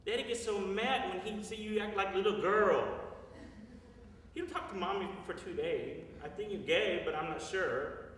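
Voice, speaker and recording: A man's voice: high-pitched, moderate pace, fairly bright tone, a little hiss or hum, voice pushed up. A man voicing a doting middle-aged mother who speaks in short, broken English phrases. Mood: fond. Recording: echoey live hall from far off.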